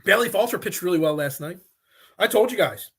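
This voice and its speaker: A male sports talk host who argues his points, stacking restarts and repeated phrases. His voice sits high and sounds bright and forceful. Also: fairly quick, creaky, husky. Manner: animated, repeats himself when making a point.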